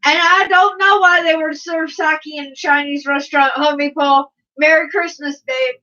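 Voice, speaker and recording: A woman's voice: high voice, steady tone, moderate pace, sharp tone. A woman hosting a casual livestream, chatty and laughing often as she reads viewers' comments aloud. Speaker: livestream host reading chat. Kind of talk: casual chat. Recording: dull sound from a distance.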